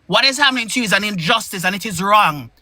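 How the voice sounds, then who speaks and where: A Jamaican woman talking fast and emphatically in a heated live chat, pleading and defending a friend. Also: mid-range voice, lively intonation, pushed and bright, no echo.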